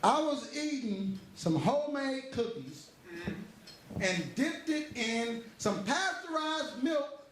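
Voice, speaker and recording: A man's voice: very high-pitched, expressive, takes it slowly, fairly bright tone, a little hiss or hum, exaggerated voice. An actor on a theater stage playing a veteran male stand-up comic who teases the crowd and then turns reflective. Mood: joking. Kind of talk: live stage stand-up impression. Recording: very echoey hall heard from far off.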